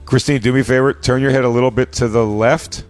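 A man's voice: medium pitch, fairly even intonation, quick pace, faint music behind. An American man co-hosting a podcast, trading crude jokes and laughing often in casual banter. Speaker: podcast co-host. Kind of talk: casual studio chat.

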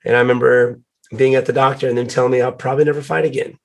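A male guest on a podcast speaks at a middling pitch, with a gravelly rasp running under his words. He tells his stories in an easygoing, conversational way and leans on filler words as he goes. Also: rapid-fire. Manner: relaxed storytelling, many fillers. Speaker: guest, fighter. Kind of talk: casual podcast chat.

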